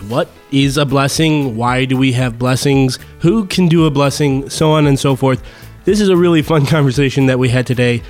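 A man's voice: mid-range voice, a little mellow. A man hosting a podcast, introducing the episode in an upbeat, welcoming way. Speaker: podcast host.

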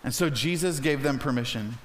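A man preaching a sermon as a pastor, conversational and energetic, slipping into acted quotes. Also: mid-range voice, fairly quick, reverberant.

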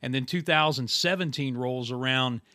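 A male podcast host with a bright, forward tone who asks reflective questions and sometimes restarts his phrasing. The sound is close and dry. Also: mid-range voice, moderate pace, no echo. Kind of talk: interview questions.

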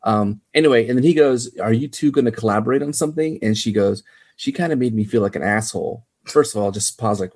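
A man's voice: lowish voice, fast, husky. Guy on a movie podcast, acting out lines from scenes, casual chat. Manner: animated, quotes dialogue in retelling. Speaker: podcast co-host.

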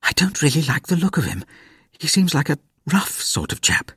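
A man's voice: a little high, huge pitch swings, moderate pace, gravelly, slightly rough, no echo, clean studio sound, pitched above the performer's own voice, heavily acted. A man voicing an earnest, slightly nervous young mother in a storybook reading. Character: anxious practical young mother.

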